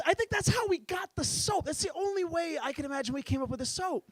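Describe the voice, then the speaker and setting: A man performing stand-up comedy, telling stories in an animated, profane way. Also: extremely high pitch, quick pace, hardly any pauses, no room sound.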